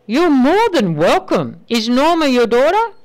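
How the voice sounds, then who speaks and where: A friendly hospital switchboard operator, read aloud by a woman. She speaks a little higher and brighter than normal, and her voice is smooth and clear. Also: sing-song, measured pace. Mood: helpful. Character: kind, helpful female hospital phone operator.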